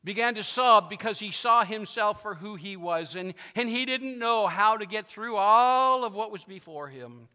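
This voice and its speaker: A man's voice: high-pitched, expressive, moderate pace, hardly any pauses, pushed and bright. A male pastor preaching a sermon, emphatic and fond of repeating his phrases, with a long reverb from a large hall.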